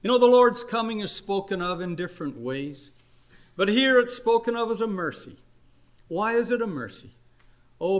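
Older male preacher, earnest, raised pitch. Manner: earnest storytelling, swinging between soft and loud. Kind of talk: sermon.

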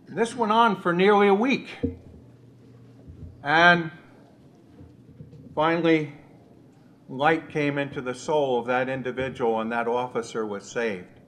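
A man in a Bible study, slowly recounting a missionary story with many pauses and fillers. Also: fairly high pitch, a bit bright. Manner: slow, measured storytelling with frequent uh fillers.

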